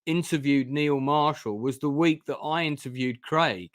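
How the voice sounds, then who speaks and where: A man's voice: fairly high pitch, a little slow, no echo, clean studio sound. A man hosting a casual review discussion, retelling scenes in a rambling way with frequent restarts. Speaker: host of a review channel.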